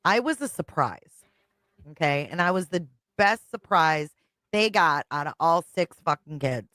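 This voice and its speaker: A woman's voice: deep voice, lively intonation, a little slow, a bit bright, dry recording. A woman co-host reacting bluntly to a video, talking casually and swearing freely. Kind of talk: casual commentary.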